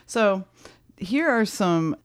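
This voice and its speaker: A woman's voice: mid-range voice, lively intonation, drawn-out words. A middle-aged woman hosting a podcast in casual chat, playful and laughing as she explains. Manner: chatty, laughing, playful imitations. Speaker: podcast host.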